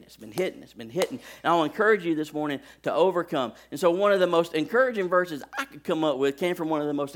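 A man preaching, telling a lively personal story with sound effects and speaking directly to his congregation in a folksy way. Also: fairly high pitch. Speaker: pastor.

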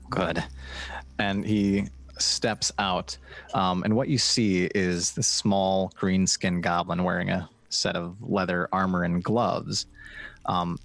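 A man's voice: deep voice, creaky. A man narrating a tabletop game as game master, describing scenes with many fillers. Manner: relaxed, filler-laden description.

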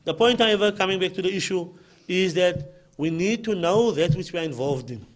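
Speaking a little fast in a voice that sits high, this man gives a forceful religious talk in a Cape Town South African accent. He is an Islamic lecturer who keeps coming back to his main points, stressing them emphatically.

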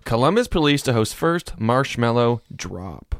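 A man's voice: medium pitch, big pitch swings, unhurried, no room sound, clean studio sound. A man co-hosting a comedy podcast, reading news articles aloud with wry, sarcastic asides. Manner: wry and sarcastic, swears, breaks into goofy voices. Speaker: podcast co-host.

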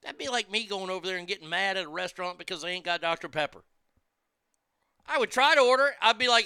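High, bright-voiced ranting man. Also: fast talker, clean tone, no echo. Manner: profane, swings from muttering to loud ranting. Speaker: podcast host. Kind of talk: casual ranting monologue.

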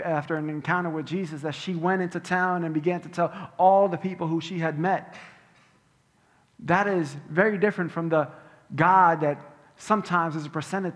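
A man preaching a sermon as pastor, emphatic and conversational, going soft and slow when quoting, on a head-worn mic in a church. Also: fairly high pitch. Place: church sanctuary. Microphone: head-worn microphone. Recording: long hall reverb.

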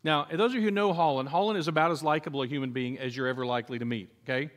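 High-voiced animated male preacher. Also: rapid-fire. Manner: animated storytelling, acts out quoted voices, jokes with the congregation. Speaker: pastor. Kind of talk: sermon.

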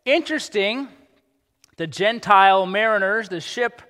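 A man preaching a sermon as pastor, animated and acting out the characters he quotes. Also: high voice, unhurried, long reverb tail.

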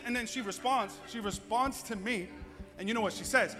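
Pastor, male, very high bright voice, funny storytelling sermon, emphatic, echoey hall with faint music. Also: expressive, quick pace. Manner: humorous storytelling, building to emphatic shouts.

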